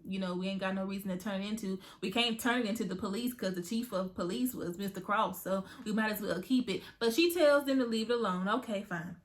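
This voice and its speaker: A woman giving a casual spoken movie review to her viewers, retelling scenes in an animated way with frequent asides. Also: medium pitch.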